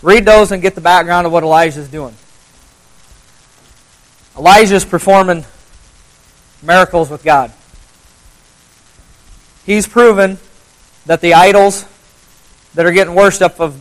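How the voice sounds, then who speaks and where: A man's voice: fairly high pitch, normal speed, long pauses, poor audio. A man giving a motivational Bible talk to a group, speaking conversationally, quizzing the audience and repeating phrases for emphasis. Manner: conversational, asks the audience questions.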